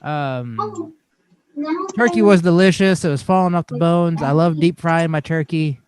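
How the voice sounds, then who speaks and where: A man's voice: on the high side, lively intonation, a little slow, darkish tone, smooth. A man co-hosting a casual podcast, joking and laughing often as he chats. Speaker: podcast co-host. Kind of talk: casual chat.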